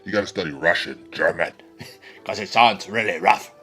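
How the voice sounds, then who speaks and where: A man voicing a gruff, scornful male karate teacher in a blunt, dismissive way. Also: deep voice, moderate pace, pushed and bright, faint music behind.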